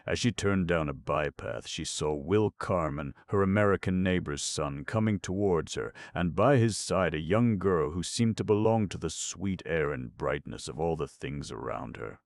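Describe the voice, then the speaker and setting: A man narrating a classic story for an audiobook in measured, even storytelling. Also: deep voice, creaky, dry recording. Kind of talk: scripted narration.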